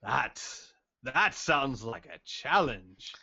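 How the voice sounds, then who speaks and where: A hearty, boastful old man in his sixties, put on by a man, jolly and full of himself. The voice sits lower than a plain talking voice and swings up and down with lively pitch. The sound is dull and lo-fi. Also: very slow, vocal fry, breathy edge, full character voice. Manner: hearty, boastful, solemn nods. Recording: dull lo-fi audio.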